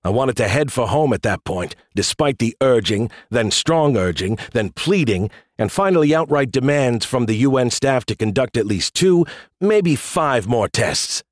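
Male audiobook narrator, first-person, wry and exasperated, mid-pitched, in a dry studio sound. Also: big pitch swings, moderate pace, dry recording.

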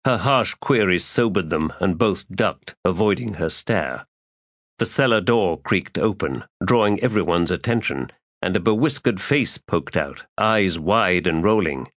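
A man narrating a fantasy audiobook in a measured storytelling voice. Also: low-pitched, lively intonation, a bit bright, no echo, clean studio sound.

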